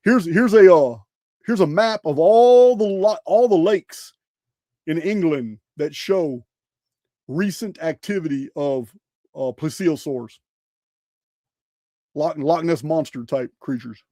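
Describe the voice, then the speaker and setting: A man's voice: fairly high pitch, slow, long pauses, dark tone, no room sound, studio quality. A man hosting a show, talking casually over slides, emphatic and full of rhetorical questions, often restarting his phrases. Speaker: host presenting slides.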